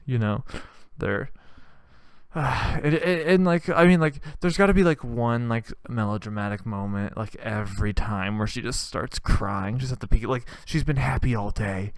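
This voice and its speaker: A man's voice: medium pitch, a little fast, clean tone, no echo, clean studio sound. Rambling crude male comedy podcaster. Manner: rambling, crude, animated storytelling. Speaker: podcast host. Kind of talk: comedic monologue.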